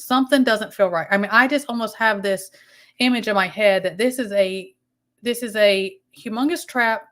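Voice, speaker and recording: A woman's voice: medium pitch, fairly bright tone. Chatty woman hosting a livestream. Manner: rambling, greets chat viewers by name, frequent restarts and ums. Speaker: livestream host. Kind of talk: casual livestream chat.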